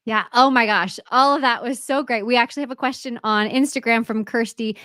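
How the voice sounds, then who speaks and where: A woman's voice: fairly high pitch, a little fast, pushed and bright, clean tone, dry recording, studio quality. A woman hosting a live interview, chatty and enthusiastic, often laughing along with her guest. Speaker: host. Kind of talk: casual interview chat.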